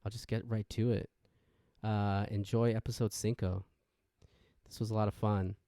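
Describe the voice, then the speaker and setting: A man hosting a podcast, rambling through a casual intro rant and jumping into sudden excitement. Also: fairly low pitch, normal speed, no echo, clean studio sound. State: wired on energy drink. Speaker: podcast host.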